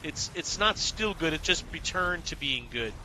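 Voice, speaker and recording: Bright-voiced male game streamer. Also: fairly high pitch, moderate pace, a little hiss or hum. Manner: relaxed, chatty, reads out and greets viewers. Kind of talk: casual livestream chat while playing.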